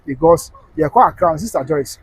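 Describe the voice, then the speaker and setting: A man's voice: on the high side, expressive, moderate pace, husky. A man with a Ghanaian accent hosting a live stream, chatting in a casual mix of English and Twi, reading viewer comments and breaking into snatches of song. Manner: chatty, breaks into singing snatches, laughs often.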